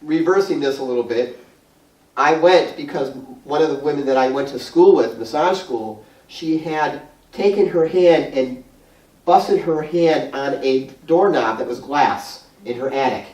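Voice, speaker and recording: A man with a New York accent telling a long, animated story to a small group, rambling with restarts and laughter. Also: fairly high pitch, unhurried. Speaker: guest speaker. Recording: roomy hall, mic far off.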